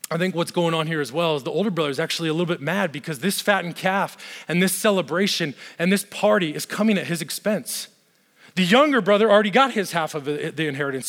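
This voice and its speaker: High-pitched guy preaching, punchy repeats, lots of "i mean" asides, big echoey hall. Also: fairly bright tone. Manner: emphatic, repetitive, conversational asides. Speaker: pastor. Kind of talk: sermon. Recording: long hall reverb.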